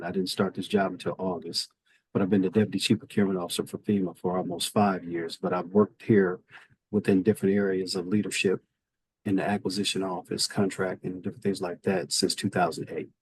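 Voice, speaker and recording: A middle-aged man from Indiana with a Southern US accent, telling his story in a relaxed interview, often restarting his sentences. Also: deep voice, low-quality recording. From Indiana, USA. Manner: relaxed storytelling with frequent repeated starts. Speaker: guest, federal official. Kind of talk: conversational interview.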